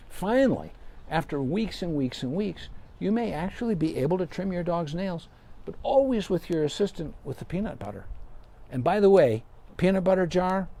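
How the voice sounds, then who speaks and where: Patient, lively-voiced veterinarian man. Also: a little high. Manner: patient, explanatory, folksy sayings. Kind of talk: live Q&A advice session.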